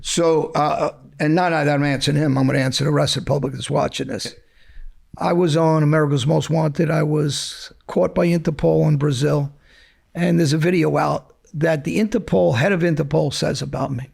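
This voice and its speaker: A middle-aged man, talking bluntly and combatively as an interview guest, gruff and profane. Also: a little high, fairly even intonation, moderate pace, darkish tone. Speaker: interview guest, former mobster.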